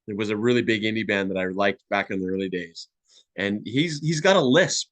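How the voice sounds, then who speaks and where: A man's voice: fairly low pitch, a little fast, dry recording. Rambling, chatty man, dry close sound. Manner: rambling and chatty, often saying "like" and "you know". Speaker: podcast guest, musician. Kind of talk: casual conversation.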